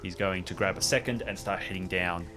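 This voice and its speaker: A man's voice: deep voice, fairly quick, music in the background. A young man playing a tabletop game, thinking aloud as he describes his character's actions. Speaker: player. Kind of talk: casual tabletop game play.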